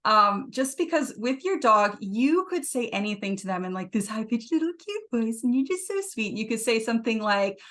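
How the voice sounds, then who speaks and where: A woman's voice: fairly high pitch, sing-song, normal speed, hardly any pauses. A woman hosting a webinar on a video call, chatty and full of agreeing murmurs. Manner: chatty, warmly agreeing with many "mm-hmm"s. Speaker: webinar host. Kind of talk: webinar discussion.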